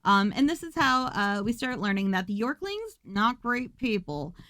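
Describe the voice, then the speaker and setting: A woman's voice: mid-range voice, sing-song, moderate pace, a bit bright, dry recording. A woman hosting a podcast, recapping a movie in a casual, rambling way with profane jokes and asides. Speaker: podcast host.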